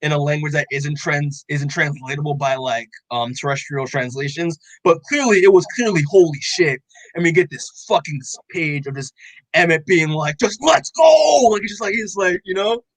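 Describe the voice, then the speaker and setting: A young man co-hosting a podcast, excitedly recapping a comic in loose casual chat, full of "like" and swearing, acting out the characters' lines. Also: on the high side, moderate pace, no room sound, poor audio. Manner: excited, loose, heavy on "like" and swearing, acts out quotes. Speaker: podcast co-host.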